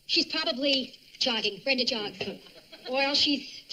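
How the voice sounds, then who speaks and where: Sitcom lead: a wisecracking, coaxing sister, high voice, noisy old soundtrack. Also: female voice. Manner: brisk, coaxing, quick with a joke. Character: warm, wisecracking woman, older sister.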